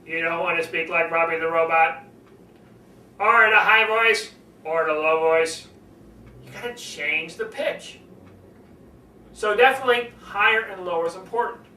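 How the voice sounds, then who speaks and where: Animated older man teaching, bright voice. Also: normal speed, pauses often. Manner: animated, demonstrates pitch swings, acts out conversations. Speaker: public speaking coach. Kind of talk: speaking lesson to camera. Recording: roomy, from a distance, faint noise.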